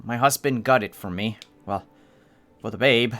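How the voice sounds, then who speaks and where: A man's voice: mid-range voice, moderate pace, fairly bright tone, close to an everyday voice. A man voicing a wary young village mother who guards her baby, speaking curtly and defensively. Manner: curt and defensive.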